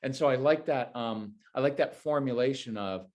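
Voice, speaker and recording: A man's voice: medium pitch, moderate pace, hardly any pauses. A man speaking as a guest expert in an interview, explaining parenting advice in a conversational way and acting out what a parent might say. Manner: animated, acts out parent lines in quoted voices.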